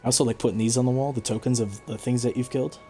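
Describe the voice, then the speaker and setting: A man giving relaxed, explanatory commentary over his own gameplay stream, with frequent fillers. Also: mid-range voice, racing, faint music behind. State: hiccups. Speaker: gaming streamer.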